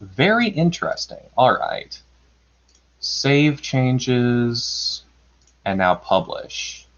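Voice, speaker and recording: A man at a home computer microphone, talking his way through a live stream at an unhurried, drawn-out pace. He rambles as he narrates whatever he is doing on screen and pokes fun at himself. The audio is dull and lo-fi. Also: mid-range voice, sing-song, a bit bright. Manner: self-deprecating, chuckles often. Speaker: live storybook reader. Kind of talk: casual livestream chat.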